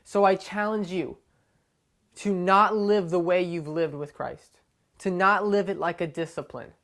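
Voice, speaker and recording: A woman's voice: on the low side, fairly even intonation, measured pace. A woman giving a short, conversational devotional talk to camera, often checking in with "right?". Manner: conversational, keeps asking "right?". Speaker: devotional speaker.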